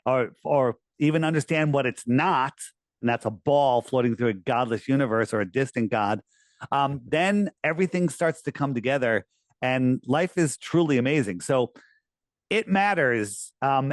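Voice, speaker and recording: Animated, persuasive man talking close-mic. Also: mid-range voice, no room sound. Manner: animated, persuasive, rambling with restarts. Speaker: interviewee, flat-earth promoter. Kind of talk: casual video interview.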